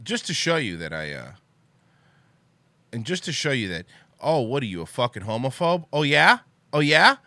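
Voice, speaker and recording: A man's voice: medium pitch, very animated, moderate pace, long pauses, sharp tone, no echo. A man hosting a talk show, ranting angrily with heavy swearing and then apologizing. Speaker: podcast host.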